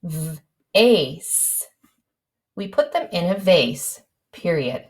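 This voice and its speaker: A woman's voice: medium pitch, big pitch swings, normal speed, fairly bright tone. A woman teacher modelling how to write a story for young children, stretching words into sounds and coaxing them to spell along. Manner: sing-song, stretches out sounds and letters. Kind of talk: early-grade writing lesson.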